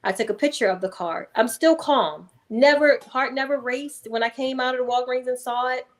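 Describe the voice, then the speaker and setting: Emphatic woman, slightly high voice. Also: fairly quick. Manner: calm, emphatic, acts out voices in anecdotes. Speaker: guest hypnotherapist. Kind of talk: conversational interview storytelling.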